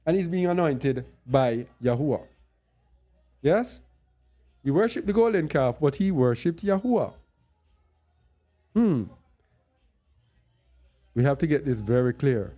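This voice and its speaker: A man's voice: fairly high pitch, sing-song, unhurried, pauses often, dark tone. A man giving an unscripted bible teaching. He thinks aloud while searching on screen and repeats words for stress.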